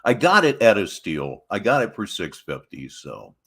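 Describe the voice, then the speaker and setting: Man, reaction host, dry sarcasm, casual chat, lively swooping intonation. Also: on the low side, normal speed, breathy edge. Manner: dry, sarcastic asides, chatty about guitars. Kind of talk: casual commentary over a clip.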